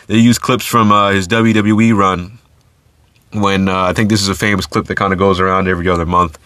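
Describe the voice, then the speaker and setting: A man's voice: low-pitched, level tone, a little fast, fairly bright tone, dry recording. A man hosting his own podcast alone, talking casually with lots of fillers and restarts. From United States. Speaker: podcast host. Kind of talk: solo podcast commentary.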